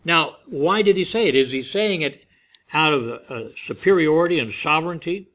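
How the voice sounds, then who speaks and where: A man's voice: fairly high pitch, expressive, normal speed, a bit bright. A man preaching a sermon, telling a family story and acting out the voices he quotes.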